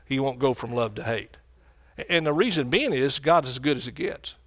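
A man's voice: mid-range voice, animated, normal speed. A man preaching a sermon with fervent energy, calling out to his congregation for responses.

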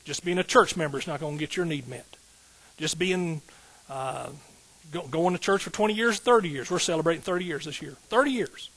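Emphatic pastor preaching. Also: male voice, on the high side, a little fast, a bit bright, low-quality recording. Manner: emphatic, call-and-response preaching with rising outbursts. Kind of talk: sermon.

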